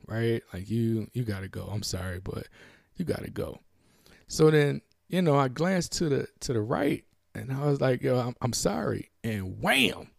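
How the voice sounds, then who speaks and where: A man's voice: medium pitch, creaky, darkish tone, dry recording, clean studio sound. A young man telling a personal story in a profane, emphatic, emotionally raw way, full of street slang. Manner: emotionally raw, reliving tense moments.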